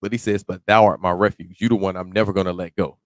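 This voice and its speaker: A man preaching verse by verse, reading scripture slowly and then explaining it in casual slang, sometimes rising to a shout. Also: low-pitched, little pitch movement, no room sound. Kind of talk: verse-by-verse sermon.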